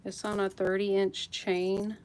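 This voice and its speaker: A woman's voice: mid-range voice, completely flat delivery, unhurried, darkish tone. A woman hosting a live jewelry sale stream, chatting casually with viewers by name and laughing often. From United States.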